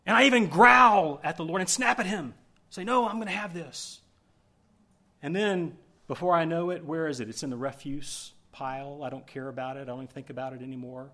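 A man preaching a sermon as pastor, telling a story with animated swings between loud emphasis and hushed asides. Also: on the high side, fairly quick.

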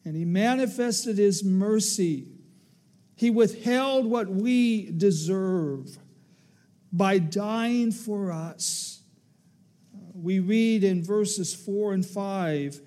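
A man preaching a sermon as pastor, measured and emphatic, quoting scripture in slow, stressed phrases. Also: sits high, mellow.

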